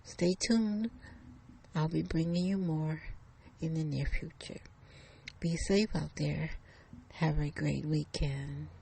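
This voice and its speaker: A woman narrating a story in a hushed, suspenseful way. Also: sits low, gravelly, slight background noise.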